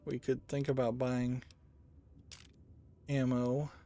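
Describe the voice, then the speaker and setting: A man's voice: mid-range voice, level tone, slow pace, mellow, a little hiss or hum. A man casually commenting on a game he is playing, thinking aloud with musing hums. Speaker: let's play gamer.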